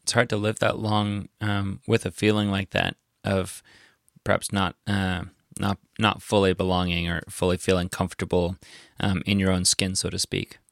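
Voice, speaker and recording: A man with a low, gravelly voice hosts a conversation, affirming and encouraging his guest. He speaks in a measured way. The sound is dry and close, as on a podcast mic. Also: level tone, dry recording. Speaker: podcast host. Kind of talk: interview conversation.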